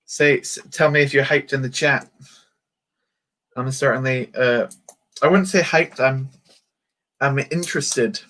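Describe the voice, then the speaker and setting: A man's voice: medium pitch, a little slow, long pauses, a bit bright. A man chatting casually on a livestream while building a toy set, joking and poking fun at himself. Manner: chatty, joking, self-mocking.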